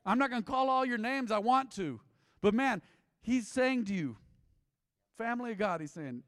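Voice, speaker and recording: A man preaching as a pastor, emphatic, repeating lines and swinging between loud and soft. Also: extremely high pitch, animated, normal speed. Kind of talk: sermon. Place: large church hall. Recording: long hall reverb.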